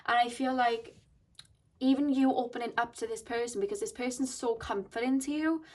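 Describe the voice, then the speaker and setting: A woman's voice: a little high, moderate pace. A woman giving an intuitive tarot reading to her viewers, speaking earnestly and thinking aloud as she goes. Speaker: tarot card reader.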